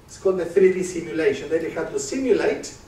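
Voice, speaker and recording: Male conference presenter, fairly high voice, engaging the room with questions, echoey hall picked up from a distance. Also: lively intonation, quick pace, warm tone. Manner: engaged, quizzes the audience with questions. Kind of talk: live stage talk with demonstration. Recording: echoey room, distant mic, faint noise.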